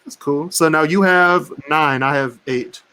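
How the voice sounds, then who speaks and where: A young man from Michigan co-hosting a casual podcast chat, animated and laughing often, acting out the people he quotes. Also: fairly high pitch, a little slow, smooth. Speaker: podcast host.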